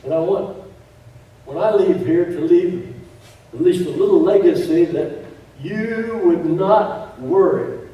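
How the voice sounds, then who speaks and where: A man's voice: sits high, takes it slowly, phone-quality sound. A man preaching a sermon, emphatic, repeating key phrases with joking asides. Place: church sanctuary. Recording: echoey church room, distant mic.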